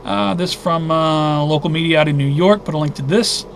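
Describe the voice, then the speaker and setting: A man hosting a casual weekly news roundup, reading headlines and reacting with indignant, halting comments. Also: fairly high pitch, fairly even intonation, slight background noise. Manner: agitated, indignant, thinking aloud with restarts. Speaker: host of a weekly news briefing.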